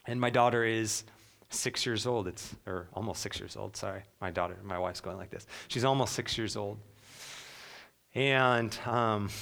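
Young guy preaching, earnest and kinda low-voiced, goes hushed at times. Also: creaky. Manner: earnest, dropping to a soft hush for quoted words. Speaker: pastor. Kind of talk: sermon.

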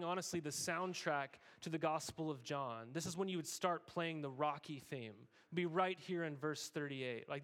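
A man preaching a sermon as pastor, in a conversational, animated style with frequent asides to the congregation. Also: sits high.

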